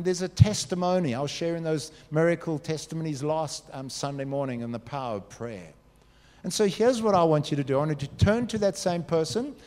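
Youth pastor, man, slightly high voice, preaching with energy, long hall reverb. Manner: animated, talks to the audience directly with quick acted asides. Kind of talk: youth sermon.

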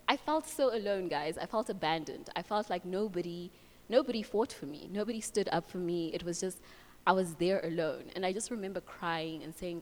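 Young woman from Africa, earnest testimony, lower voice, long reverb. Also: a little fast. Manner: earnest, heartfelt, many fillers like "like" and "so". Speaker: speaker sharing a testimony. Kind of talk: casual Bible reflection and personal testimony.

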